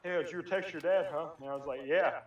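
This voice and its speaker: A young man telling a rambling story among friends in a casual chat, animated and swearing, often laughing. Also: fairly high pitch, quick pace, lo-fi sound. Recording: echoey room, distant mic.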